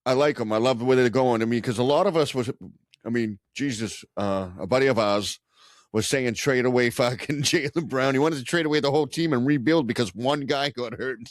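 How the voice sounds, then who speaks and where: A man's voice: mid-range voice, fairly quick, no echo, studio quality. A man co-hosting a casual sports podcast, opinionated and swearing, with hype-man asides. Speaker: podcast co-host.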